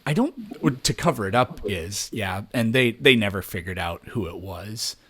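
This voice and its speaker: A man's voice: fairly low pitch, sing-song, moderate pace, a bit bright, breathy edge. A man on a podcast telling a long story in casual chat, rambling and swearing freely, jumping into raised voices to act out other people. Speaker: podcast co-host.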